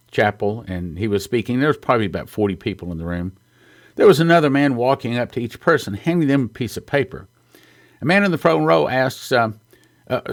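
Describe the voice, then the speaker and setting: A man from the United States telling an earnest, storytelling testimony in a sermon, sometimes choking up with emotion. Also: medium pitch. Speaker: ministry founder and speaker.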